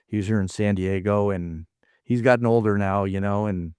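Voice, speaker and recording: His voice is fairly low, steady and slightly mellow, clear and resonant, at a normal speed. A middle-aged American martial arts instructor, he casually rambles through stories and acts out quoted exchanges, recorded in studio quality without echo.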